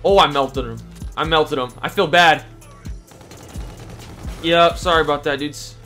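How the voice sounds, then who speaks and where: A young man giving excited, slangy live commentary over his own video game play, talking straight to his viewers with loud outbursts. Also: a little high, unhurried. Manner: slangy casual talk to viewers. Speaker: gaming YouTuber. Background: background music.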